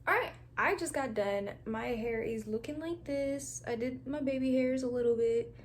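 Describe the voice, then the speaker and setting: A woman's voice: high-pitched, moderate pace, slight background noise. A young woman chatting casually through a braid-styling tutorial at home, talking straight to viewers and sometimes dropping to a near whisper while she works. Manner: chatty, talks straight to viewers as "girl" and "y'all", laughs often; drops to a near whisper while twisting hair. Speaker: hair tutorial vlogger. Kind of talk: casual hair tutorial chat.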